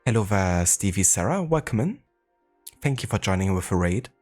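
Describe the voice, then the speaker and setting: A German-accented man hosting a live game stream, his voice sitting very low and deep. He talks in a relaxed, easygoing way, greeting viewers and thinking aloud with plenty of small fillers. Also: normal speed, faint music behind. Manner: laid-back, chatty, greets viewers, frequent fillers. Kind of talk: casual live-stream chat.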